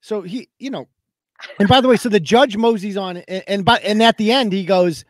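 A man's voice: high voice, normal speed, dry recording. A man hosting a podcast, telling a story in a heated, profane rant and acting out other people's lines as he goes. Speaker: podcast host.

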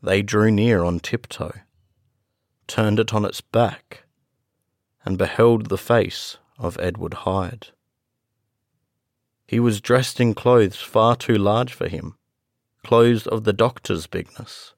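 A man reading a classic gothic story aloud as a narrator, in a slow, measured storytelling manner. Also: fairly low pitch, creaky, no echo, clean studio sound. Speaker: audiobook narrator. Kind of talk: scripted narration.

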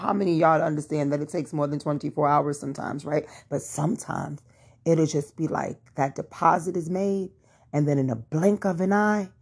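Low husky woman sharing a testimony. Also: a little fast, a little mellow. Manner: conversational, addresses listeners as y'all, many fillers. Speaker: podcast host. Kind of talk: casual testimony to listeners.

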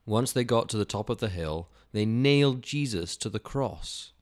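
A man's voice: fairly low pitch, animated, moderate pace. A man reading a Bible story for children in a solemn, dramatic way.

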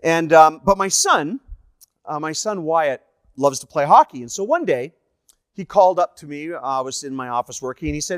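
A Canadian evangelist telling personal stories in a sermon, animated and acting out the voices of the people in them. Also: male voice, fairly high pitch, moderate pace, no echo, clean studio sound. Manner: animated, acts out dialogue in the stories. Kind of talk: sermon storytelling.

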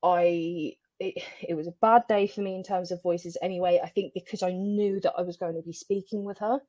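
Woman guest chatting openly, laughs a lot, dry flat-sounding mic. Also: on the low side, a little fast, no echo. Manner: earnest, animated, laughs between phrases. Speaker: podcast guest. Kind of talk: candid conversational interview. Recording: dry, slightly dull lo-fi sound.

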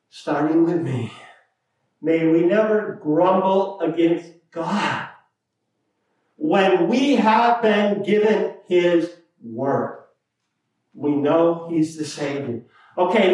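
A male pastor preaching a sermon in a church sanctuary, deliberate and emphatic, repeating key phrases. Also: high-pitched, a little mellow. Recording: echoey room, mic at a distance.

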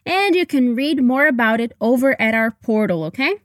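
A woman teaching English, leading slow repeat-after-me drills and coaching pronunciation in a careful, encouraging way. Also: fairly high pitch, animated, no room sound, studio quality.

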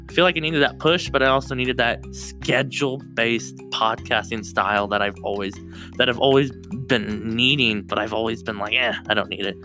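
Bright-voiced young man rambling on his podcast. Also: mid-range voice. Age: young adult. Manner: rambling, self-interrupting, restarts often. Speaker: podcast host. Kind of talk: solo podcast chat. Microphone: close podcast mic.

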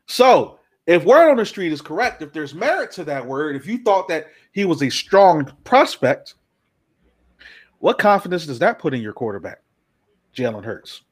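A man hosting a casual sports talk show, ranting in an animated, profane way. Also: on the high side, moderate pace. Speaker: podcast host.

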